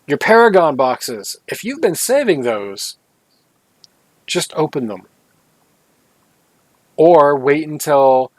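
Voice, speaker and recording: A man chatting casually on a gaming podcast at an average pitch. He rambles, corrects himself as he goes and drops jokey asides. The sound is dry and close. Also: no room sound, rough recording. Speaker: podcast co-host.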